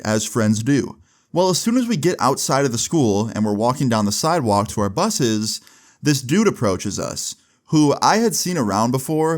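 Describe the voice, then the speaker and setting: A young man in his twenties casually narrating a storytime with lots of fillers and "right?" check-ins. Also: medium pitch. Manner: relaxed, filler-heavy, keeps checking in with "right?". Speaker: YouTuber telling a story.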